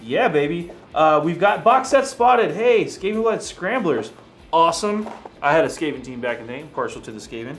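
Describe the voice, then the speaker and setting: Man, host, casual unboxing commentary, chatty, thinks out loud, slightly high pitch. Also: lively intonation, brisk, slight background noise. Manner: chatty, chuckling, thinks aloud.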